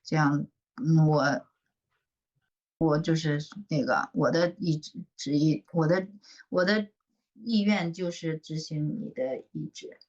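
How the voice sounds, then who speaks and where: A woman interpreting for a reading group, measured and paraphrasing. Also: deep voice, a little mellow. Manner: measured, paraphrasing, with filler sounds. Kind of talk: interpreting into Chinese. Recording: dull, distant lo-fi audio.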